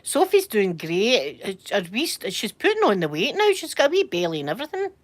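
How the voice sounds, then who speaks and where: A woman's voice: fairly high pitch, huge pitch swings, fairly quick. A Scottish woman chatting casually from bed during a livestream, telling rambling stories and answering viewer comments. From Scotland. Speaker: livestream host. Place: in bed at home.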